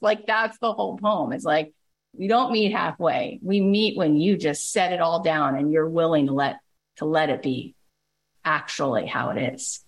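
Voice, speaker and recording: A woman's voice: sits low, moderate pace. A woman hosting a motivational podcast, enthusiastic and emphatic, stacking repeated phrases and spiritual self-help talk in rhythmic runs. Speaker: podcast host.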